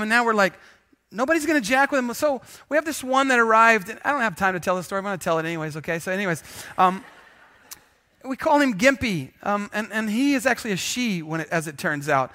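A man preaching in church as pastor, telling a jokey story with sudden loud bursts. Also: high voice. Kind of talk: sermon with storytelling.

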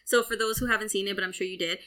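Brief: woman co-host, bright tone, chatty storyteller in relaxed talk. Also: mid-range voice, rapid-fire. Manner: chatty, retells videos, laughs easily. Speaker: podcast co-host. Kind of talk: casual chat.

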